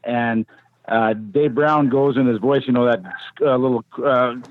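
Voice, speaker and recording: A man's voice: mid-range voice, steady tone, measured pace, dry recording. A man who is a podcast guest and former hockey enforcer, telling stories casually and rambling with many restarts. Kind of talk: casual storytelling. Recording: tinny phone-like line, dry.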